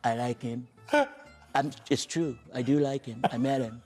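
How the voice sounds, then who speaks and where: A man voicing a boastful older male politician, slow, drawn-out and self-assured. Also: medium pitch, fairly even intonation, mellow, soft background music, pitched below the performer's own voice, lightly acted. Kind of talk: stand-up impression.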